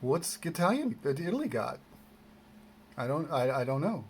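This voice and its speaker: A man's voice: fairly high pitch, sing-song, moderate pace, breathy edge. A man rambling casually through an unboxing, self-deprecating and meandering, with many fillers and restarts, recorded on a desk camera mic. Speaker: vlogger.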